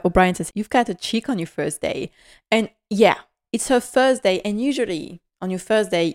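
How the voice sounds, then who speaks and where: A woman hosting a casual recap podcast, talking at an ordinary pitch. She tells the story in an animated way, slips into the characters' lines and laughs often. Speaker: podcast host.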